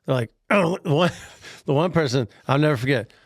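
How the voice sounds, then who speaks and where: A gravelly-voiced man telling a story on a podcast, swinging his pitch up and down as he acts out the people he quotes. He laughs often and keeps it casual, recorded close and dry with no room sound. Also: lively intonation, brisk, no room sound. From Pennsylvania. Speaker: grocer telling a workplace story.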